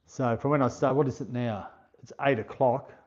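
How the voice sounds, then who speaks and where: With fairly even intonation and a darkish, medium-pitched voice, an Australian man chats unhurriedly on a casual livestream. He speaks slowly, reads out viewer comments and thanks each person by name, all in dull lo-fi stream audio.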